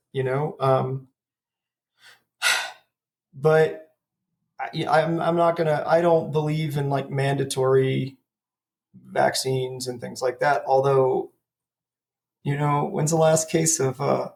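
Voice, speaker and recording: A man's voice: a little high, vocal fry. A man in his forties, a podcast co-host, talking in a profane, ranting casual chat. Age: 40s.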